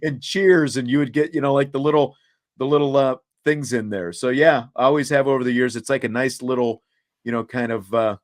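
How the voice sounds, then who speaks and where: A man's voice: medium pitch, a little fast. A middle-aged man hosting a casual sports talk show, rambling with lots of "you know, like" fillers. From Kansas. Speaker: podcast host.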